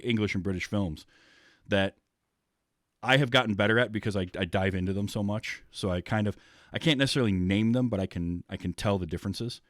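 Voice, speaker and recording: A man with a fairly low voice rambles through his thoughts on a relaxed film podcast, chatty and full of fillers and restarts. He speaks fairly quickly, and the sound is dry and close with no room sound.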